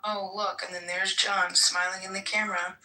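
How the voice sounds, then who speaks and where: A woman chats casually as a guest, rambling with lots of fillers and restarts and laughing often. Her mid-range voice is level and a bit sharp, at a moderate pace. She's recorded off-mic from a distance, so the sound is echoey.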